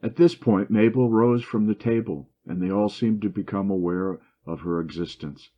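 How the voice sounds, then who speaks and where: Deep-voiced man reading a story. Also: normal speed. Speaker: story reader. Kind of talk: reading a classic short story aloud. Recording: dull lo-fi recording.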